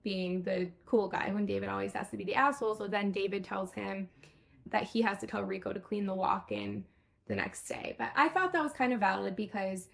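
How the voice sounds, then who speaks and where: A woman co-hosting a casual podcast, recapping an episode in a loose, chatty way. Her voice sits in a middle range with a gravelly, creaky texture. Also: mid-range voice, brisk, fairly bright tone. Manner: chatty, retells scenes with quoted lines. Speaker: podcast co-host.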